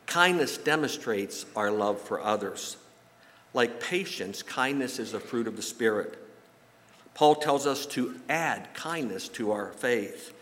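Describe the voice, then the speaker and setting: A man delivers a sermon in a church, his voice landing at an ordinary middle pitch. He tells folksy stories and slips in jokes, sometimes stumbling over repeated words. A long reverb from the big hall trails after his words. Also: lively intonation, a bit bright. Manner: folksy storytelling with jokes, some halting repeats. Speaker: pastor. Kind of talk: sermon with anecdotes.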